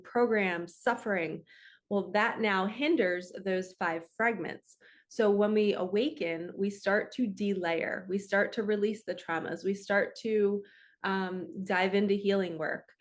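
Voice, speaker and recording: A woman in her thirties giving a casual spiritual card reading, talking in a chatty, flowing way full of "like" and "right". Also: medium pitch. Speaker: spiritual reader and coach.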